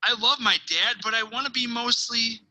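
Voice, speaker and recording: A woman teacher reading a picture book aloud, telling it expressively with dramatic pauses and hushed asides. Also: fairly high pitch, rough recording.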